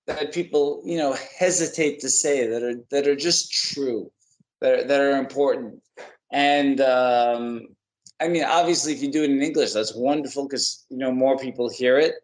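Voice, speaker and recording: A man's voice: medium pitch, unhurried, rough recording. Earnest male comedian guest. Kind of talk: casual interview chat.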